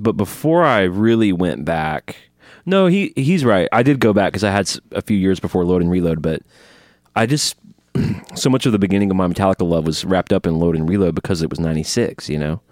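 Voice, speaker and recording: A man's voice: low voice, expressive, brisk, no room sound, studio quality. A man in his thirties or forties co-hosting a podcast, chiming in with quips and reading mail. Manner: wisecracking, chimes in with quips. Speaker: podcast co-host. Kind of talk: casual podcast chat.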